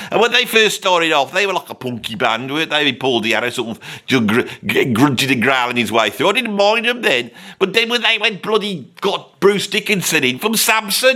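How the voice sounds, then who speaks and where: In a full character voice that's high-pitched, bright and forceful, a man performs a comic rant as a cranky Birmingham rocker in his sixties. The accent is Brummie, and the character rambles on, swearing and complaining the whole way through.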